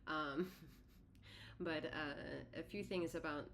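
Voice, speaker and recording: A woman with a notably low speaking voice gives a solo tarot reading, talking in a loose, conversational way. She often stops to correct herself, and her words come out slightly lisped and slurred. A faint hiss of noise sits under her voice. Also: fairly even intonation, takes it slowly, creaky, fairly bright tone. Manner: rambling, self-correcting, conversational. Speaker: tarot reader and healer.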